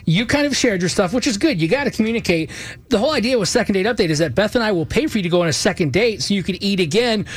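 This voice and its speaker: A man's voice: sits high, expressive, very fast, dry recording. A man co-hosting a radio show, leading the call in an upbeat, breezy way. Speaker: radio host.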